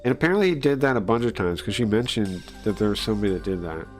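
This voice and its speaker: A man casually commenting while he plays and reads through a story game, chatty and easily excited, thinking aloud with many pauses. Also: on the low side, faint music behind. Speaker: streamer playing and reading a story game. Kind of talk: casual live-stream commentary.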